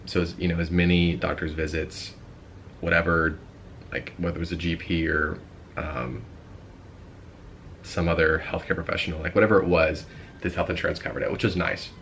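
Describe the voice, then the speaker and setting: A young man with a very low voice talks casually through a reaction video. He rambles a little, leaning on fillers as he shares his own opinions. A faint hum sits underneath. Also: vocal fry, a bit bright. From United States. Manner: chatty, rambling, many fillers. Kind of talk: casual commentary.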